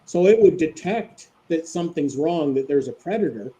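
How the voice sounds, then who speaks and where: A man's voice: on the high side, lively intonation, moderate pace, mellow, low-quality recording. A man chatting casually in a group of gamers, loosely and with lots of "right?" and "like".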